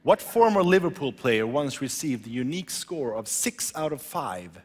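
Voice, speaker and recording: A man's voice: medium pitch, sing-song, moderate pace, darkish tone, in a large hall. A man interviewing a guest in a joking, giggly way. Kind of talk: playful interview.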